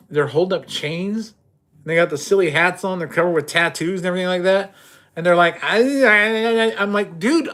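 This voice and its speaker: On a casual livestream, a middle-aged man talks in a high, somewhat bright voice. As host, he's tough and blunt, swearing freely and rambling with stammered restarts.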